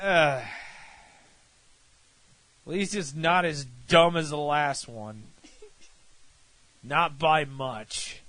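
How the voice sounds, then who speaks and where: A man's voice: fairly high pitch, drawn-out words, pauses often, a bit bright, no room sound. A man co-hosting a casual review podcast, making sardonic, profane wisecracks. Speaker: podcast co-host.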